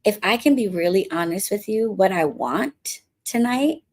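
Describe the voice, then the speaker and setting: A witchcraft coach and podcast host from the Bronx chats her way through a casual story, animated and acting out what others said. She's an adult, married since before 2020, with a medium-pitched voice that moves a little slowly.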